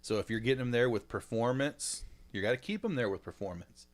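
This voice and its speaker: Man, podcast host, animated, rambling, laughs a lot, casual chat. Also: mid-range voice, a little fast. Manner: animated, rambling, laughs often, lots of fillers.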